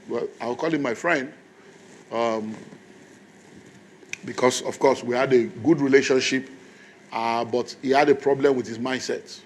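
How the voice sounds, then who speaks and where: A man's voice: medium pitch, slight background noise. A man, a pastor telling a story in a sermon in an emphatic, conversational way.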